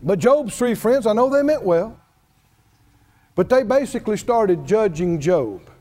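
A man preaching a sermon, telling the story with lively swings in his voice and acting out the people in it. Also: high-pitched, measured pace. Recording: reverberant hall.

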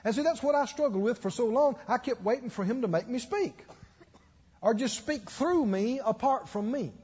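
A man's voice: very high-pitched, animated, normal speed, a little mellow, husky. A man preaching a sermon, telling stories with acted-out quotes and laughing along. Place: church. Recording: dull echoey church hall.

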